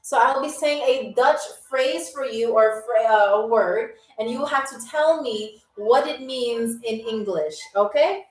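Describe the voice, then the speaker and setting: A woman's voice: fairly high pitch, a little slow, few pauses. A woman hosting a live-stream trivia game show, chatty and upbeat, stretching out words as she teaches them. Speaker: livestream game show host. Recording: roomy, slightly distant mic with faint music.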